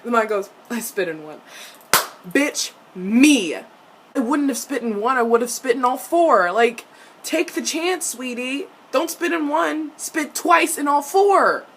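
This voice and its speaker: A young woman reacting to a TV episode in a casual vlog, animated and profane, with frequent laughs. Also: sits high, measured pace, a little hiss or hum. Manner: laughs often between lines.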